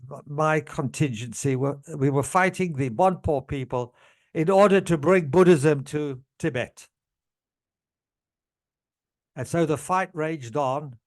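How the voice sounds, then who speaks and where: A man telling a personal story to camera in a halting way, with many pauses and restarts, moved as he speaks. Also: mid-range voice. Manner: slow, halting, with many fillers and restarts, growing emotional. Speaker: channel host telling a past-life story.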